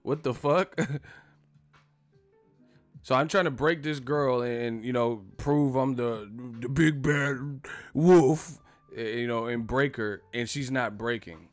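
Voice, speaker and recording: A man's voice: mid-range voice, unhurried, no room sound, soft background music. A man hosting a casual live stream, rambling and swearing freely and laughing often.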